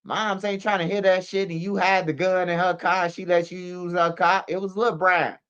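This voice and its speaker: A man's voice: high voice, flat delivery, moderate pace, fairly bright tone, clear, resonant tone, highs cut off. A man hosting a casual street news commentary stream, slangy and emphatic, ending lines with "bro" and "man". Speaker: commentary channel host. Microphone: streaming setup microphone.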